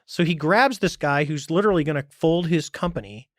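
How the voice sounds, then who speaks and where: A former navy pilot on a podcast speaks briskly in a voice on the high side, keeping the conversation casual and blunt. He tells animated stories and acts out the dialogue he quotes. The audio is studio quality with no room sound.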